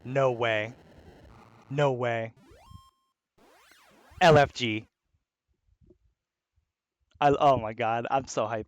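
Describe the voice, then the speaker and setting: A man giving casual commentary as he plays a video game, excitable and swearing freely. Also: mid-range voice, unhurried, long pauses, no room sound, soft background music. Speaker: let's play host.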